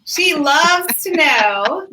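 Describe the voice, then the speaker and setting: A woman's voice: high-pitched, lively intonation, sharp tone, low-quality recording. A woman co-hosting a podcast, reading listener questions and chatting casually. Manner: brisk, reads questions aloud. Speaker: podcast co-host.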